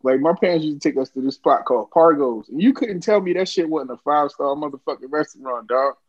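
Animated high-voiced storytelling man. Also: quick pace, highs cut off, crowd noise. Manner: animated storyteller, profane, acts out his younger self in a high voice. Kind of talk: casual chat.

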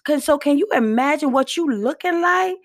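A woman hosting a casual motivational talk in a folksy, chatty way, often clearing her throat and coughing. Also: high voice, expressive, normal speed. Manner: chatty, folksy, addresses listeners as y'all. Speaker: host.

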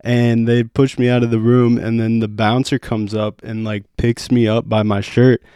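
A young man co-hosting a casual podcast, telling stories with lots of swearing and loudly acting out what people said. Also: medium pitch, moderate pace, clear, resonant tone, no room sound. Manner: animated storytelling, swearing, acts out quotes loudly. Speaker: podcast co-host. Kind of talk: casual chat.

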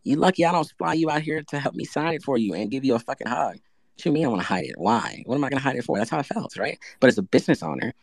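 A man's voice: mid-range voice, very animated, quick pace, creaky, no echo. A man, the founder of a project and a podcast guest, telling his story in a brash, profane and emphatic way. He often restarts with fillers and fires off rhetorical questions. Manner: frequent fillers and self-corrections.

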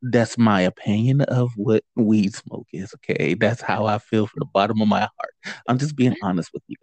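A man's voice: lowish voice, moderate pace, a little mellow, no echo. A man co-hosting a casual podcast chat who talks in a blunt, teasing way. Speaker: podcast co-host.

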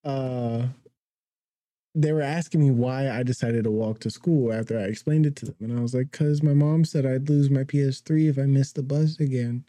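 A young man with a very dark, mellow voice tells a rambling story on a podcast, now and then laughing at his own tale. The sound is dry and close, with no room around it. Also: mid-range voice, steady tone, moderate pace, no echo. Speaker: podcast co-host. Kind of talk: casual storytelling.

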